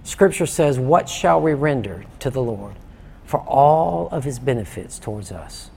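A man preaching a sermon in a conversational way, often restarting and stammering, warming up as he goes. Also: medium pitch, lively intonation, unhurried, gravelly, a little hiss or hum. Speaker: pastor.

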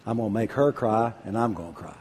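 An older man preaching a sermon, husky-voiced, dropping to a hush and then calling out loud. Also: fairly low pitch, quick pace, a little hiss or hum. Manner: animated preaching, drops to a hush then shouts out. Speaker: pastor.

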